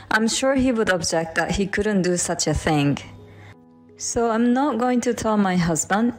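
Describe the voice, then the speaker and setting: A woman reading a first-person story as scripted narration in an earnest, steady way. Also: medium pitch.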